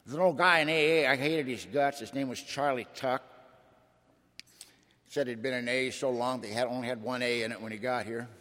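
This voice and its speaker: A man tells his recovery story in a dramatic, folksy, emphatic way. He has an average pitch for a man. His voice carries through a meeting hall with long reverb. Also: steady tone, brisk, bright, forceful tone. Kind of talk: personal testimony storytelling.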